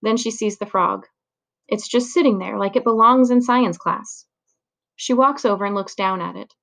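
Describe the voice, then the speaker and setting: A woman reading a children's chapter book aloud in a clear, steady storytelling voice. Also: medium pitch, moderate pace. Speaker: reader.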